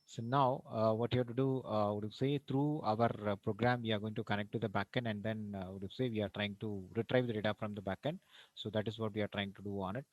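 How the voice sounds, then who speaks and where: Male lecturer, Indian English accent, lowish voice, halting delivery full of fillers, dry close sound; screen-recorded coding tutorial. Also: steady tone, dry recording, poor audio. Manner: hesitant, many "uh" and "what to say" fillers. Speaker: college lecturer.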